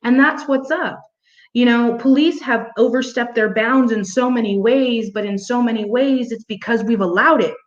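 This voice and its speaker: A woman's voice: on the high side, moderate pace. A young adult woman telling a story in a casual monologue, blunt and profane, laughing now and then. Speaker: vlog host. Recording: roomy, muffled home recording.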